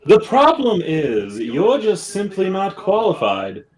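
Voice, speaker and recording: A man doing a shrill little bird creature. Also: huge pitch swings, slow, a little mellow, full character voice. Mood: cheeky. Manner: shrill, blurting. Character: tiny fast bird person, impatient and cheeky.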